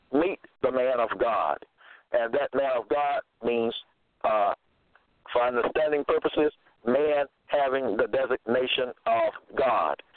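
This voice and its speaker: Man, slow deliberate sermon, scripture citations, tinny phone-like audio, dry sound. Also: medium pitch, no room sound. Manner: deliberate, cites verses, repeats "okay?". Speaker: self-styled religious teacher.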